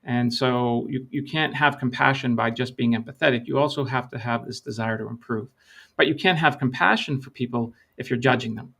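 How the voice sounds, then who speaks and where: A man's voice: medium pitch, creaky, fairly bright tone. A middle-aged man, a lean consultant, explaining his approach in an interview and telling stories with quoted dialogue. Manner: measured, storytelling with quoted dialogue.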